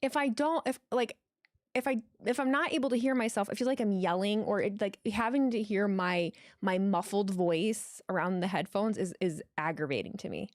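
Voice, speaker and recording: A woman's voice: medium pitch, moderate pace, no room sound. Woman streamer host, swearing, giggly, casual chat, dry close headset sound. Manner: chatty, profane, giggly. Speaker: livestream host. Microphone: headset with mic monitoring.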